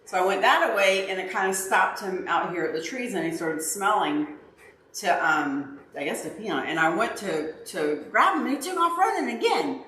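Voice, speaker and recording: Animated woman telling a story to chat. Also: medium pitch, normal speed. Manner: animated, acts out her own yelling. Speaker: livestream host, dog owner. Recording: roomy echo, faint background noise.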